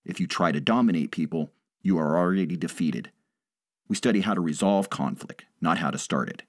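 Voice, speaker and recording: Steady, deep-voiced sensei giving a lesson, as the narrator puts him on. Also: male voice, brisk, no room sound, clean studio sound. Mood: solemn. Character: calm male martial arts teacher.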